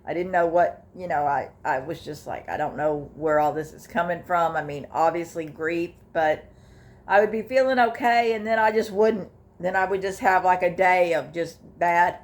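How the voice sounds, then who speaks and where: An older woman, talking casually in a personal vlog, halting with fillers and restarts, emotional and close to tears at times. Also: fairly low pitch. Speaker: vlogger sharing her grief journey.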